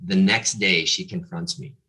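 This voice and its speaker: A man who is a pastor gives an earnest, confessional personal testimony as a guest, halting now and then with fillers. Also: low-pitched, steady tone, bright, forceful tone, breathy edge.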